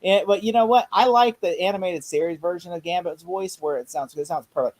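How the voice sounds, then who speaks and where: A man chatting casually about a movie, excitable and quick to act out quotes. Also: high-pitched. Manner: fast, excitable, acts out quotes. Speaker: podcast co-host.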